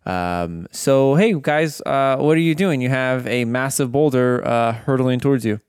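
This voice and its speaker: A man narrating as game master of a tabletop game, laughing easily and pausing on fillers as he describes the scene. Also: medium pitch, darkish tone, clean tone, no echo, studio quality.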